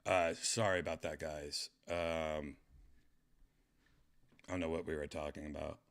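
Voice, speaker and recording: A man's voice: a bass voice, little pitch movement, unhurried. A man hosting a casual livestream chat, rambling and hesitant, full of fillers and restarts. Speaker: podcast host.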